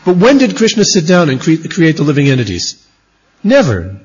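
A man with a husky, slightly high voice gives an emphatic scripture lecture, his pitch rising and falling a lot as he hammers home his points. The recording is dull and lo-fi. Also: huge pitch swings, moderate pace. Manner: emphatic, repeats key points. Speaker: religious teacher.

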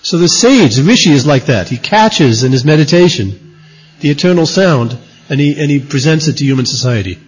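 A man's voice: a little high, lively intonation, a little fast, husky. A man teaching a scripture lecture as a religious teacher, emphatic and repeating his key points. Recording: dull lo-fi recording.

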